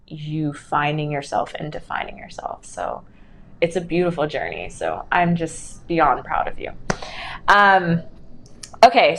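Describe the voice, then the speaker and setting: A young woman doing a casual live-stream tarot reading, gushing and encouraging, full of fillers and frequent giggles. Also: deep voice.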